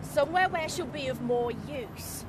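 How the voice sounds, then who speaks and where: A woman playing a calm, sinister female captor with silky, unhurried menace, recorded outdoors on a city street. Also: sits high. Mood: menacing. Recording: outdoor take with loud traffic noise.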